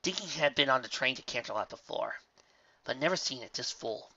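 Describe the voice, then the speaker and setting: Man narrator, expressive storybook reader, dry lo-fi sound. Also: medium pitch, fairly quick, no room sound. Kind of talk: fan fiction audiobook narration.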